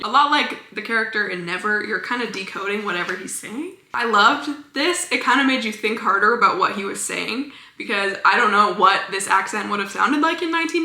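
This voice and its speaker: A chatty woman vlogging about books, her voice bright and a little sharp as she gushes about favorites. Her words bounce around an echoey room, with fast enthusiastic asides. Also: medium pitch. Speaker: book vlogger. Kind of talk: casual book review chat.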